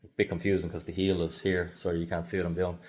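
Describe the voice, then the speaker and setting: A man training his dog on camera, calmly explaining each step and breaking off for short commands and upbeat praise to the dog. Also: deep voice, quick pace, far from the mic. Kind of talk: hands-on training demonstration. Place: indoor training room. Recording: echoey room, voice off-mic.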